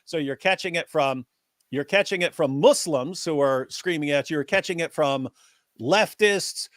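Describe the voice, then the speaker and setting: A man co-hosting a casual live-stream discussion, talking in animated runs full of restarts. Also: fairly high pitch, moderate pace, no echo, clean studio sound. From United States. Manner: animated, rambling with restarts, rising excitement when quoting others. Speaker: co-host.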